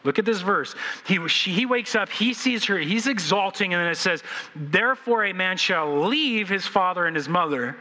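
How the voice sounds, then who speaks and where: A pastor delivers his sermon with bright, forceful energy, slipping into playful voices as he acts out the story. His voice sits high for a man. The sound rings out with the long reverb of a church hall. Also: normal speed. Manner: animated, acting out scenes with playful voices. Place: church sanctuary.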